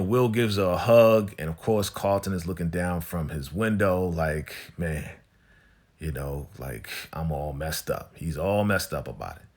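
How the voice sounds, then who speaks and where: A man casually recapping a TV episode in a laid-back, slang-filled way, often tagging his lines with "right?" and "you know". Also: fairly low pitch.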